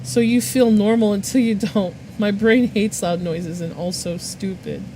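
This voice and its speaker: A woman's voice: mid-range voice, fairly even intonation, a little slow, mellow, slight background noise. A woman casually chatting on her art livestream, rambling with lots of fillers, swearing and laughing. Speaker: art streamer.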